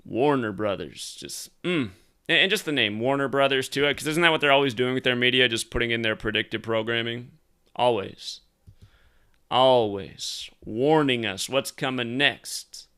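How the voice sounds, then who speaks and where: A man's voice: mid-range voice, normal speed, bright, forceful tone, smooth. A man hosting a solo commentary show, ranting angrily and swearing often. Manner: angry, profane, emphatic ranting. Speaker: conspiracy commentary host.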